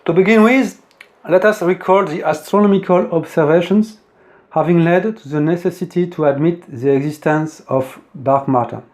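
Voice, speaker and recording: Man, French accent, non-native English speaker, high-pitched, deliberate, formal lecture delivery. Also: a little mellow. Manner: careful, deliberate, formal phrasing. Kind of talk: slow formal lecture reading.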